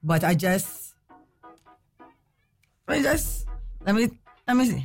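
Animated woman radio host. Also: sits high, a little slow, long pauses, soft background music. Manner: animated, opinionated, asks rhetorical questions. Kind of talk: call-in radio talk.

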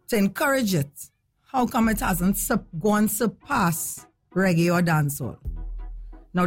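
A woman hosting a call-in radio talk show, animated and opinionated, firing off rhetorical questions. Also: mid-range voice.

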